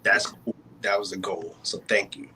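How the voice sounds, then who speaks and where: Bright-voiced man performing spoken word. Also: fairly low pitch, steady tone, moderate pace, a little hiss or hum. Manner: rhythmic, builds in intensity, uses wordplay. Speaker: open mic poet. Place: home, joining a virtual open mic. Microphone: video call.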